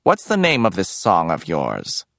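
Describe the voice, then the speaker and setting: A man voicing a wary, hostile village headman in an audiobook, speaking in a gravelly, drawn-out way. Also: mid-range voice, sing-song, a bit bright, dry recording, clean studio sound, pitched above the performer's own voice, heavily acted. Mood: suspicious. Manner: suspicious, snapping questions.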